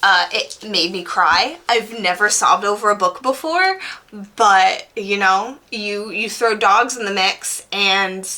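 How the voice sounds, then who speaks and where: A woman's voice: medium pitch, slow, bright, forceful tone. A young woman casually reviewing books on her vlog, candid and enthusiastic, swearing freely and padding her talk with "you know" and "like". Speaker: book reviewer.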